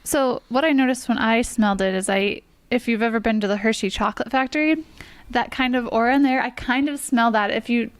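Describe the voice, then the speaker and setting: A woman's voice: on the high side, brisk, smooth, dry recording. A woman co-hosting a casual beer-tasting podcast, giving thoughtful, descriptive tasting notes. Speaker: podcast co-host.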